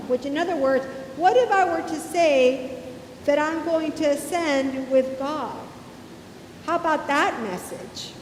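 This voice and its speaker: A woman's voice: measured pace, a little mellow. A woman pastor giving a sermon in a church sanctuary, retelling a scripture story conversationally and acting out the quoted lines. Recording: echoey church hall with faint rumble.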